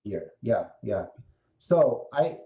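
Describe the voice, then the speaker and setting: A man's voice: medium pitch, very animated, takes it slowly, mellow, roomy sound, poor audio. A man giving a meetup presentation, explaining slides one by one and putting questions to the audience. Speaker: guest presenter.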